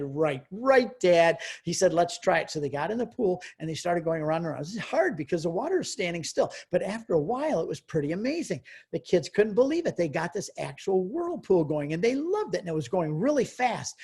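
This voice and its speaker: A man's voice: high voice, breathy edge. Passionate older man preaching at a retreat. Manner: passionate, exhorting, swings from quiet to fervent. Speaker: Catholic retreat speaker. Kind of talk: storytelling retreat talk.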